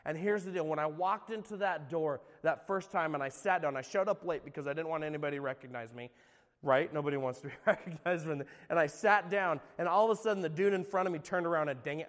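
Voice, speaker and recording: A middle-aged man from California, a former youth pastor, sharing his personal testimony in an earnest, confessional way that swings between loud and hushed. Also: high voice, in a large hall. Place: church.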